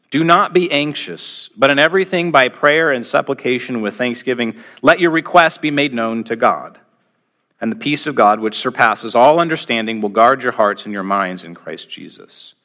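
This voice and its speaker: A man delivers a sermon in a bright, clear voice at an ordinary pitch. He speaks in a measured way, asking rhetorical questions and lingering on key words with deliberate pauses. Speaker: pastor.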